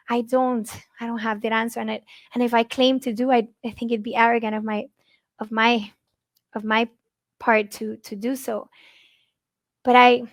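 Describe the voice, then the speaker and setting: A woman's voice: high voice, dry recording, clean studio sound. A middle-aged woman whose first language is Spanish, giving an earnest, heartfelt talk at a conference and often repeating words as she searches for them. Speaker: conference speaker.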